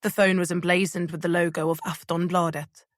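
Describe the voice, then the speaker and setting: A woman reading an audiobook thriller in scripted narration, measured and even. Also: fairly low pitch, no room sound, clean studio sound.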